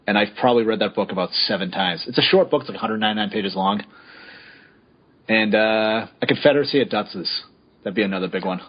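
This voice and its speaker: A man co-hosting a podcast, talking eagerly about favorite books with halting restarts. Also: on the low side. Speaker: podcast co-host. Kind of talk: casual chat. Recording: dull lo-fi sound.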